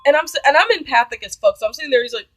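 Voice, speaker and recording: A woman's voice: high-pitched, expressive, rapid-fire, a bit bright, dry recording, faint music behind, rough recording. A woman vlogger telling a story in a casual, blunt, profane way.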